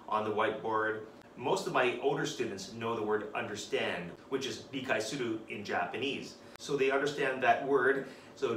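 A man who teaches English, explaining a flashcard lesson plan with clear, deliberate enunciation and a patient teaching tone, switching between English and Japanese phrases. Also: mid-range voice, a bit bright, roomy sound, recorded from a distance, a little hiss or hum.

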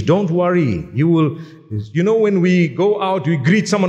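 A man's voice: high voice, expressive, moderate pace, a little mellow. Earnest male preacher in a reverberant hall. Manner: earnest, repetitive exhortations, storytelling with quoted dialogue. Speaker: Islamic preacher. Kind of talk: sermon.

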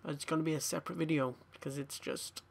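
A man's voice: fairly high pitch, steady tone, fast, gravelly, slight background noise. A young man commentating a game pack opening, tired and swearing as he mutters to himself. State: tired, yawning. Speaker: gaming YouTuber.

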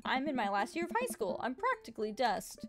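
A woman's voice: fairly high pitch, sing-song, a little fast, a bit bright. A woman voicing a wry, teasing teenage girl in a game, close to her own voice, with music behind her.

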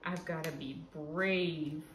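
Woman reading a picture book, slow and roomy. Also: low-pitched, slight background noise. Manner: lively, expressive read-aloud. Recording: roomy echo with faint ambience.

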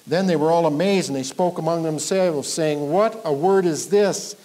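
A man preaching a verse-by-verse sermon as pastor, building up with emphasis and then dropping low at the ends of lines. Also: normal speed, dark tone. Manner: teaching verse by verse, emphatic rises, trailing off low at line ends. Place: church sanctuary.

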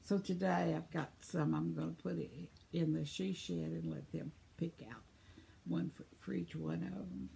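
A woman's voice: on the low side, fairly even intonation, moderate pace, gravelly, warm tone, slight background noise. A woman in her seventies, chatty and laughing often, reading viewer comments aloud in a casual vlog while losing her voice. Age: 70s. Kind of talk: casual chat.

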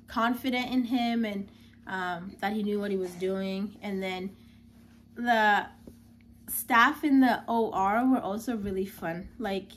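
A young woman recounts a personal story, chatty and unpolished, with frequent filler words. Her voice sits at a middling pitch. A faint hiss runs underneath. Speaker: new mother.

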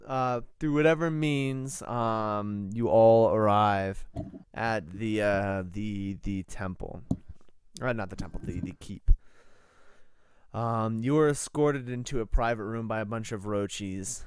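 A man's voice: lowish voice, slow pace, clean tone. A man narrating a tabletop game as game master, rambling casually with fillers.

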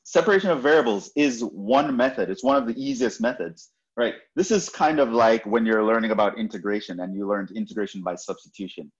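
A man's voice: fairly low pitch, fairly quick, hardly any pauses, highs cut off. A man lecturing on math, explaining step by step and often checking in with "right?". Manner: explanatory, repeats points, frequent "right?" checks. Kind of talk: university lecture.

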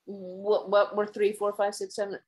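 A man's voice: sits high, completely flat delivery, poor audio. A man in the class asking short clarifying questions, heard from farther off the mic. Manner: asks quick clarifying questions. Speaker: student in the class.

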